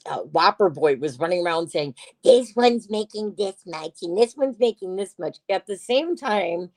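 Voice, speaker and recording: A woman hosts a casual livestream and reads her viewers' comments back to them in a teasing tone. She talks at an unhurried pace in a voice of middle pitch. The sound is close and dry, with no room echo. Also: a little mellow. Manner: chatty and teasing, reads viewer chat aloud. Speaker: livestream host.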